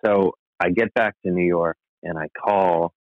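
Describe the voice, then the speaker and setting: An American man appears as a podcast guest, telling a rambling, wry personal anecdote full of asides. His voice is low and steady, a little slow, and the dry recording sounds thin, like a phone.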